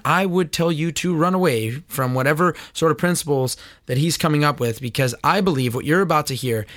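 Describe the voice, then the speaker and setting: A man's voice: fairly high pitch, fairly bright tone, dry recording, clean studio sound. A man hosting a critical commentary show on church teaching, earnest and preachy, sometimes stumbling over his words. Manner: earnest, preachy, stammering restarts. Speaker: host.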